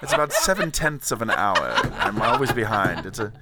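A man doing a put-on English accent as a pompous, mock-dignified upper-class gentleman, chuckling between his lines. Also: fairly low pitch, sing-song, normal speed, heavy background noise, voice pushed down. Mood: posh, amused.

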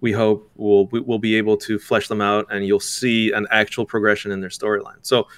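A man talking casually as an interview guest about making games, halting, restarting his sentences and laughing often. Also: lowish voice, flat delivery, a bit bright, dry recording, clean studio sound. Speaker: game developer guest.

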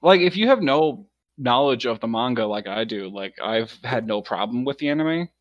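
A young man in casual chat about anime, relaxed and full of fillers like "um" and "like". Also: medium pitch, normal speed, no echo, highs cut off. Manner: relaxed, filler-heavy, laughs easily.

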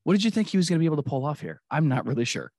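A man's voice: on the high side, sing-song, very fast, darkish tone, no echo, clean studio sound. A man hosting a podcast in casual chat, rambling and laughing often as he acts out movie scenes. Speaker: podcast host.

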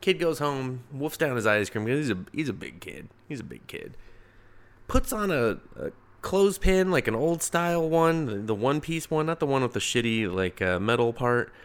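A man's voice: mid-range voice, big pitch swings, normal speed, clean tone. A young man casually reviewing comic books, swearing freely, rambling, and laughing at his own jokes. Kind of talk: casual solo review podcast.

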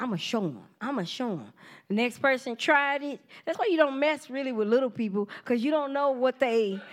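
A woman in her forties giving a casual testimony sermon, telling animated stories, acting out quoted voices, laughing often and speaking straight to the congregation. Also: high-pitched. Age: 40s. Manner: informal church talk, addresses the congregation directly.

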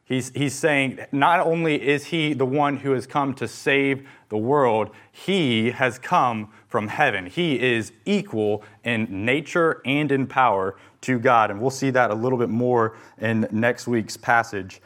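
A man's voice: medium pitch, unhurried, few pauses, a bit bright. A young adult man, a pastor, preaching a sermon in an earnest, emphatic way, with some fillers and restarts.

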